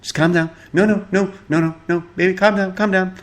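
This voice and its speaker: A man's voice: high-pitched, steady tone, brisk, pitched above the performer's own voice, lightly acted. Handcuffed husband, voiced by a man, pleading, soothing, repeating himself.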